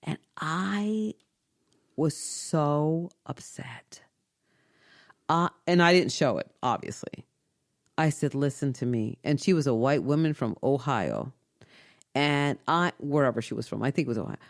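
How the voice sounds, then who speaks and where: A woman hosting a casual podcast chat, telling stories in an animated way, often repeating herself and laughing. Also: rumbling low, moderate pace. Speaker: podcast host and inventor.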